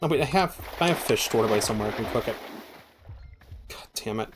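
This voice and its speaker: A man's voice: medium pitch, lively intonation, brisk, music in the background. Cursing, exasperated man gaming live. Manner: exasperated, swears a lot, yells at game monsters; dry joking asides. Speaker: streamer playing a game. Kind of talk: live gameplay commentary.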